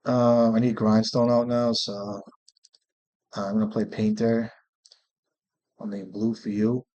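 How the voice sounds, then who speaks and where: A man's voice: fairly low pitch, flat delivery, unhurried, warm tone, lo-fi sound. Man muttering through a card game. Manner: profane, muttering, thinking aloud. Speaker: streamer playing a card game. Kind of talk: casual gameplay commentary.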